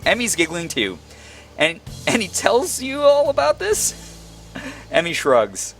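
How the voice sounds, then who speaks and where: Animated young man reading a game aloud. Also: high-pitched, a little slow, faint music behind. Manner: animated, laughing asides between read lines. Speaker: game streamer. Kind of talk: reading a visual novel aloud with commentary.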